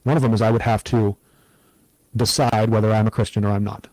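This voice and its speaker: A middle-aged man speaks in an earnest, reflective way, recounting hard times as an interview guest. His voice is dark and mellow, recorded close and dry with no room sound. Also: on the low side, a little fast, no room sound, low-quality recording. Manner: earnest, reflective, steady storytelling. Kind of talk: personal testimony in an interview.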